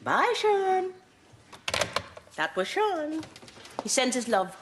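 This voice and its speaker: A woman's voice: high-pitched, very animated, slow, over music, full character voice. An actress playing a dry, teasing, God-fearing mother.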